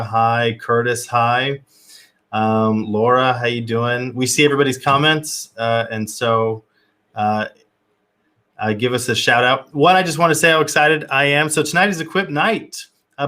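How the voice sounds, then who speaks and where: A man's voice: medium pitch, fairly even intonation, moderate pace, sharp tone. A man hosting a live stream, upbeat and casual, with lots of fillers as he greets viewers by name. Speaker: host. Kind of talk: livestream welcome, casual chat.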